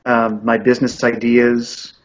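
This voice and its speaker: Recorded in low quality, a man in his forties speaks unhurriedly in a mid-range voice with completely flat delivery. As an audiobook narrator and coach being interviewed for a podcast, he offers thoughtful, earnest answers with many restarts.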